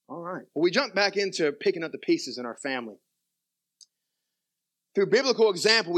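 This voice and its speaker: Animated high-voiced pastor preaching. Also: male voice. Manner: animated preaching, swings from quiet asides to loud emphatic peaks. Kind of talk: sermon.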